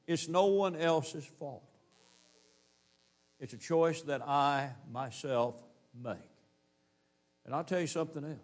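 A man preaching a sermon, emphatic, slowing down to stress key phrases and repeating his points in lists. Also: a little high.

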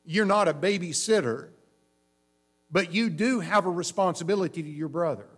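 A man preaching a sermon, explaining scripture in a measured, teaching way with frequent restarts. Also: sits high, a bit bright, husky.

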